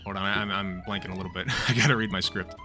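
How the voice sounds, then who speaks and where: A man's voice: deep voice, fairly even intonation, very fast, sharp tone, soft background music. A man hosting a livestream, rambling and setting up a stand-up comedy bit for his chat. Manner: rambling, joking, with restarts. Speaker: livestream host.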